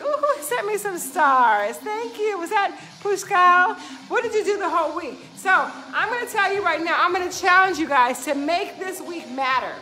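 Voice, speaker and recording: Brisk and very high-pitched, this fitness coach pumps up her live viewers with a preachy motivational speech, music going in the background. She keeps tossing in "right?" repeatedly.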